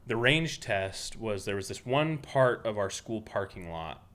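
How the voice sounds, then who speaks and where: A man from Utah hosting a laid-back podcast in a low voice. He wanders through anecdotes, restarting sentences as he goes. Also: lively intonation, unhurried, fairly bright tone. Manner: rambling anecdotal storytelling with many restarts. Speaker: podcast host. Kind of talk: casual podcast chat.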